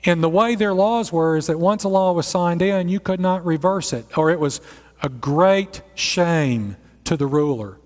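A man in his sixties, a pastor preaching a sermon in a lively, conversational storytelling manner. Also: fairly high pitch, moderate pace. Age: 60s. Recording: echoey hall.

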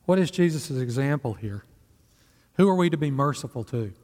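A man's voice: mid-range voice, expressive, moderate pace, darkish tone. Conversational male pastor in a reverberant hall. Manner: conversational, asks the congregation rhetorical questions. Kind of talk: sermon.

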